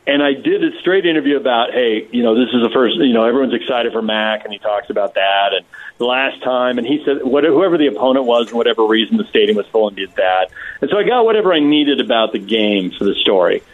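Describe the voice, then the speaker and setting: Animated man telling a story by phone. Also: mid-range voice, fast. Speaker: radio show guest on phone. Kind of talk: casual storytelling. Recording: tinny phone line.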